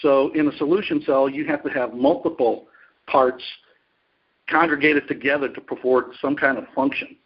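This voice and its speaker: A male executive being interviewed, answering in a measured, explanatory way with frequent fillers. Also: medium pitch, steady tone, slightly rough, lo-fi sound. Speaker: industry executive guest. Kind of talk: business interview.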